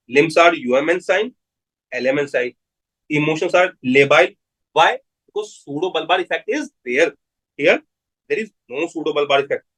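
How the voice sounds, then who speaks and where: A man lectures a live online class, his voice fairly high and slightly husky. He repeats key terms slowly and keeps checking that his students follow. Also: fairly bright tone, low-quality recording. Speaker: medical lecturer.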